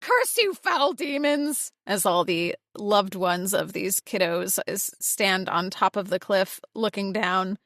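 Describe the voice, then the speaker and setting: A woman's voice: medium pitch, level tone, slow pace, hardly any pauses, a bit bright, dry recording, clean studio sound. A woman guest voice actress on a podcast, recapping a comic chapter in casual chat and reading out character lines. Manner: reads out character lines with small acted voices.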